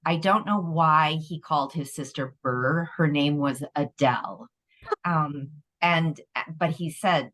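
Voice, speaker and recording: A middle-aged woman co-hosting a podcast in casual chat, expressive and quick to exclaim. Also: low voice. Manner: expressive, exclaims, restarts sentences. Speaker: podcast co-host.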